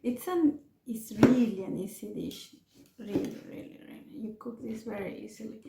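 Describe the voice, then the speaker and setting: A woman's voice: on the high side, moderate pace, vocal fry, echoey room, heavy background noise. A woman, chatting her way through a home cooking tutorial with rambling asides and restarts. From Peru. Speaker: home cook vlogger. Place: home kitchen.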